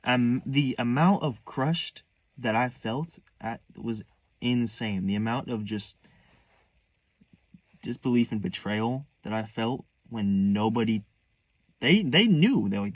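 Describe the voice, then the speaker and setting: A young man telling a painful personal story in a candid, halting way, restarting sentences, earnest and hurt. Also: medium pitch, animated, dry recording. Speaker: vlogger.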